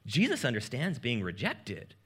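A man preaching a sermon as pastor, in a casual, joking manner with lively asides. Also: medium pitch, normal speed, husky.

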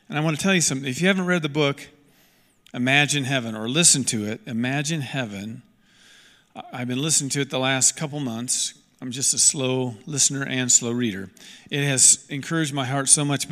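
Preaching pastor with a bright voice, reverberant hall. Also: male voice, medium pitch. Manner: earnest, emphatic, repeats key lines, stumbles and restarts. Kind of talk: sermon.

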